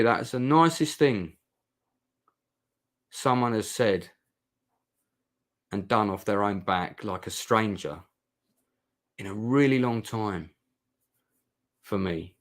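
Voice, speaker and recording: A man, casually telling a heartfelt, rambling story as he reviews a night out. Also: mid-range voice. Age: 50s. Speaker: vlogger reviewing a club night.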